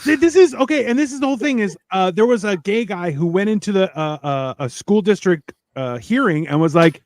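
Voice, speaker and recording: A man's voice: high voice, lively intonation, brisk, few pauses, dry recording. A man co-hosting a casual chat, arguing his points in a blunt, profane way.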